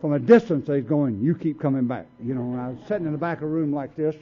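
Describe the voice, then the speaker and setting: Speaking quickly in a fairly high voice, a man shares his story at a recovery meeting, blunt and streetwise, voicing the words of others. The recording sounds tinny, like a phone.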